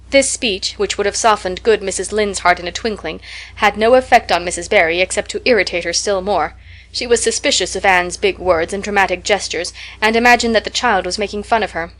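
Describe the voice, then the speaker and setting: Reading from a classic novel, this female audiobook narrator delivers scripted narration in a medium-pitched voice. Her style is expressive yet measured.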